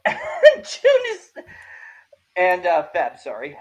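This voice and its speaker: A podcast co-host giving a lively, casual recap of an anime episode, laughing often and acting out the characters' lines. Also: mid-range voice, measured pace, muffled recording. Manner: animated, laughs often, acts out quoted lines. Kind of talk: casual excited recap chat.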